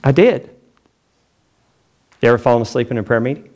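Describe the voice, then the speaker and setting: A pastor preaches a sermon in a chatty, joking way, acting out quotes with big swings in pitch. He talks fairly quickly with a darkish tone.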